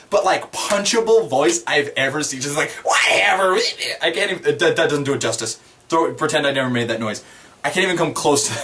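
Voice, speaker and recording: A man casually recounting a tabletop game session, rambling and chuckling as he tells it. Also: a little high. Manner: rambling, chuckling, animated retelling. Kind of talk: casual storytelling.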